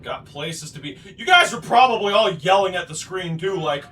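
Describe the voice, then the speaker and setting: Excitable high-voiced gamer man. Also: moderate pace, few pauses, distant mic, soft background music. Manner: excitable, swings from muttering to shouting; self-deprecating, swears. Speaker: gaming channel host. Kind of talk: let's play commentary.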